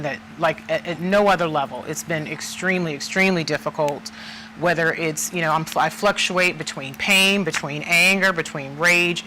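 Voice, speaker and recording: A woman co-hosting a talk show, speaking in a halting way with restarts. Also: low voice, bright, forceful tone, slight background noise, rough recording. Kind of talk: impassioned discussion.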